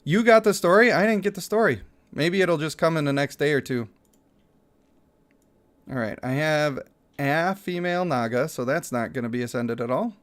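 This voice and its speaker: Animated male gaming streamer, fairly high voice. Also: moderate pace. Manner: animated, laughs often, reads chat aloud. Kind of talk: casual gaming livestream chat.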